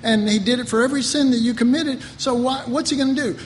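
High-voiced rambling male preacher in a hall. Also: fast, few pauses. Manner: rambling, conversational, repeats words. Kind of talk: sermon. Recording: reverberant hall, faint ambient noise.

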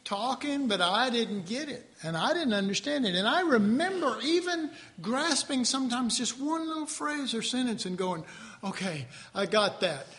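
A man teaching a Bible class in a conversational, animated sermon style, with asides to his listeners. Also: extremely high pitch, normal speed, few pauses.

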